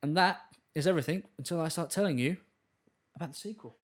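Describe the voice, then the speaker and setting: A man's voice: a little high, quick pace. A man co-hosting a movie review podcast, rambling and stumbling over his words in casual chat. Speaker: podcast co-host.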